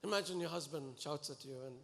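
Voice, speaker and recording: A man preaching a sermon to a congregation, earnest and animated, pleading and exhorting his listeners. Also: on the high side, fast talker, creaky. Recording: echoey hall with long reverb.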